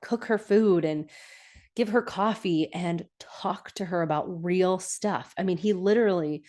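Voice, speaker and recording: A woman's voice: lowish voice, a little slow, darkish tone. A woman hosting a podcast, chatting casually through an episode recap and correcting herself as she goes. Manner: chatty, self-correcting, laughs often. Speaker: podcast host.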